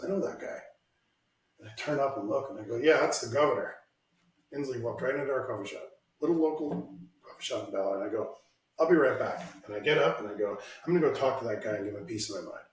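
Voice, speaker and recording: Guy ranting about politics, swears a lot, roomy echo, a bit far from the mic. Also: medium pitch. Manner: blunt, ranting, swears freely. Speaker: podcast host. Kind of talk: casual political chat. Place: home room, lives in Washington state.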